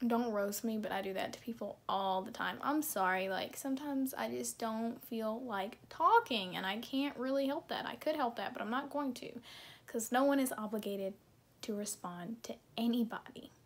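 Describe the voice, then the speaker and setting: A woman's voice: fairly high pitch, moderate pace. A young woman vlogger chatting casually and self-deprecatingly, with lots of fillers as she reacts to her posts.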